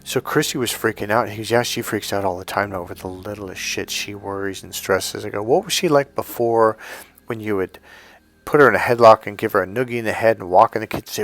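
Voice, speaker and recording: Low-voiced, blunt, swearing male coach. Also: steady tone, moderate pace. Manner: blunt, profane, acts out both sides of conversations. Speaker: dating coach. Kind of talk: storytelling to camera.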